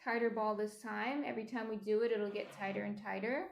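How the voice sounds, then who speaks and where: A woman's voice: mid-range voice, fairly even intonation, a little fast, creaky, slight background noise. A woman with a New Jersey accent chatting casually with her live-stream viewers as she bakes at home, often trailing off with ums. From New Jersey, USA. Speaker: baking streamer. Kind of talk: casual live-stream chat while baking. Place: home indoors near kitchen. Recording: roomy echo.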